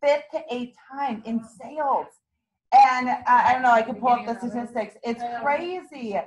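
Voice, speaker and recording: A woman with a high, bright-toned voice leads her sales team through a motivational talk. She is bubbly and laughs often, pushing her group to get excited as she speaks to a small room. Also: moderate pace, poor audio. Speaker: team leader running a sales meeting.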